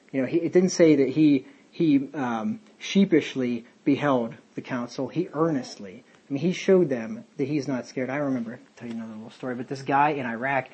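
A man's voice: mid-range voice, slightly rough, poor audio. A man leading a casual Bible study, talking in a rambling, conversational way with many fillers and tangents. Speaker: Bible teacher.

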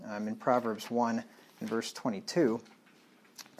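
A man's voice: medium pitch, level tone, measured pace, long pauses. A man preaching through a Bible book verse by verse, blunt and plain-spoken, reading the old wording and explaining it in everyday talk. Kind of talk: verse-by-verse sermon.

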